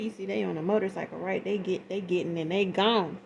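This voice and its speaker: A woman's voice: mid-range voice, steady tone, a little fast, creaky, lo-fi sound, slight background noise. A woman giving a casual tarot reading, chatty and slangy, acting out little scenes as she goes. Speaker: tarot reader.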